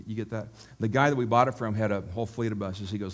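Male pastor, lowish voice, preaching casually with jokes and asides to the room. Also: fairly even intonation, quick pace. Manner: chatty and self-mocking, with asides to the congregation. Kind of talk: sermon. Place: church.

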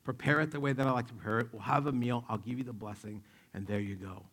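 A man voicing a blind, dying old father who speaks slowly and gravely in a retold Bible story. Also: mid-range voice, steady tone, fairly bright tone. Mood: solemn.

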